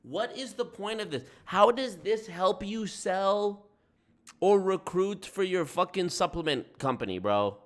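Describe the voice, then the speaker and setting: A man throws out sarcastic, profane quips as he reacts to a clip. His voice sits high and swings widely in pitch. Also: animated, unhurried. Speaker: commentator. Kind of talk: reaction commentary.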